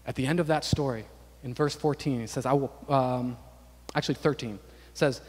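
A man's voice: medium pitch, steady tone, moderate pace, husky, big-room sound. A man preaching a sermon to his church, emphatic and repetitive, building to fervent declarations. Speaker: pastor.

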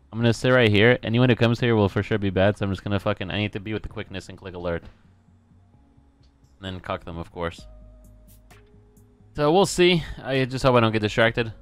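A man's voice: fairly low pitch, a little fast, long pauses, smooth, soft background music. A man hosting a gaming channel, chatting casually during a game, joking and swearing. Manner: joking, swearing, laughs often. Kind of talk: casual gameplay chat.

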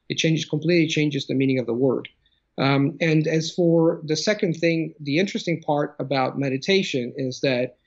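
A man's voice: a little high, highs cut off. A man who works as a language coach, speaking in an interview over a video call and explaining his ideas with many examples and restarts. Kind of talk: conversational interview.

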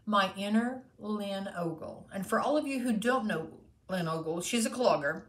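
A woman's voice: medium pitch, lively intonation, moderate pace. An older woman with a put-on Southern US accent, giggling and rambling in a folksy, silly way as she chats on her vlog. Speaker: vlogger. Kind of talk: casual chatty vlog intro.

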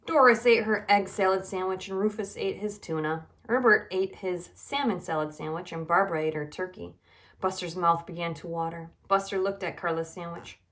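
Expressive woman reading to kids. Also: fairly low pitch, moderate pace. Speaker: nutrition educator. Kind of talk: children's storybook read-aloud.

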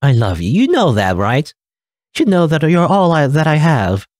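Brief: a shrill, hysterical game mother, raised voice swinging wildly in pitch, put on by a male player. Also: sing-song, moderate pace, a little mellow, no echo, studio quality. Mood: pleading. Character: hysterical abusive middle-aged mother, pleading and tearful.

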